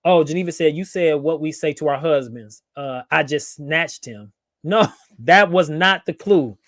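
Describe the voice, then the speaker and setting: A man's voice: on the high side, a little slow, a bit bright, no echo, clean studio sound. Playful man hosting a livestream. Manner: playful, reads viewer comments aloud, laughs often. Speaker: livestream host. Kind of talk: casual livestream chat.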